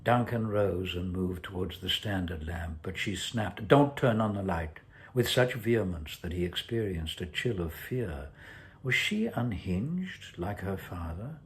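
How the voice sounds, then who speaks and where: A man, an actor, reading his own short story aloud in a measured, deliberate way. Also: low-pitched, slight background noise. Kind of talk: scripted story narration.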